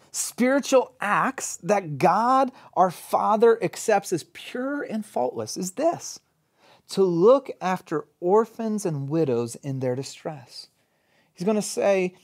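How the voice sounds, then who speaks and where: Middle-aged male pastor, conversational sermon, earnest and animated. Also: high voice. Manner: earnest, animated, with everyday examples.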